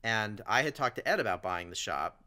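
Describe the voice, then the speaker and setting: A man with a fairly low-pitched voice talks fairly quickly while hosting a podcast. In casual conversation he tells a long personal story, animated, briefly acting out the people he quotes.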